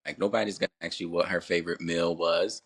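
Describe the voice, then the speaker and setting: A man from Connecticut hosts a podcast and asks easy, gentle questions. His voice sits very low yet sounds bright and forceful. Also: level tone, quick pace, husky. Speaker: podcast host. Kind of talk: casual interview.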